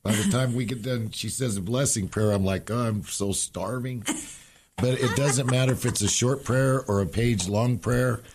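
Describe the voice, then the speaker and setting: A man's voice: mid-range voice, normal speed, few pauses, a little hiss or hum. A man as a podcast guest, telling rambling, emotional stories in a folksy, casual way. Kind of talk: casual storytelling chat.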